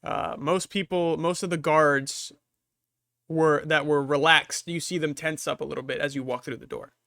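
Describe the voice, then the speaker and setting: Halting man narrating a game, dry sound. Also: a little high, steady tone, vocal fry, bright, forceful tone, no room sound. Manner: halting, with many fillers. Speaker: game master.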